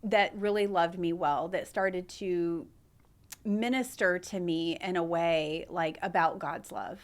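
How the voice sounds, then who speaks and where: A woman guest on a podcast sharing a personal testimony in an earnest, heartfelt, soft-spoken way. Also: on the low side, slow pace.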